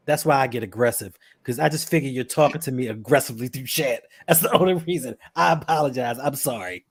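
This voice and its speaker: A man co-hosting a sports podcast, talking football in an animated, argumentative way. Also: medium pitch, fast talker, slightly rough. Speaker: podcast co-host. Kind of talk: casual sports talk.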